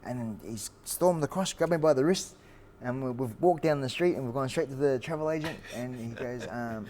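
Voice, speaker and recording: A man in his forties from Australia, a fighter telling stories as a guest, lively with lots of fillers and restarts. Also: mid-range voice, fairly quick, hardly any pauses, a little hiss or hum. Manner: animated storyteller with frequent fillers and restarts. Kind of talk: storytelling in an interview.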